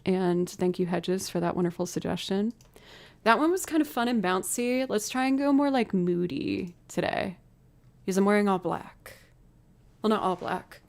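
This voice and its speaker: A woman's voice: medium pitch, lively intonation, moderate pace, a little mellow. A young woman musician chatting casually on a livestream, thinking aloud and poking fun at herself while she has bronchitis.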